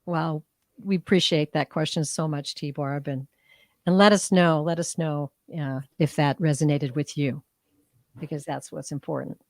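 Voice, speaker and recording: A woman co-hosting a live psychic reading, speaking in a halting, emotional way with long pauses. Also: low-pitched, fairly even intonation, no echo, clean studio sound. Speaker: psychic medium co-host.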